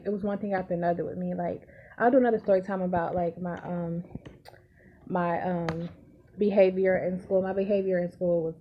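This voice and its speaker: A young woman vlogger telling a casual storytime, animated and swearing, acting out what people said. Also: medium pitch, highs cut off, slight background noise. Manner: animated, swearing, acts out quotes.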